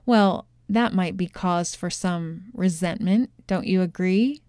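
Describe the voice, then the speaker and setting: A sharp courtroom questioner, as a woman reads her, presses a nervous witness with probing questions. The delivery is slow and smooth. It is close and dry. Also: fairly low pitch, no echo. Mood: pressing.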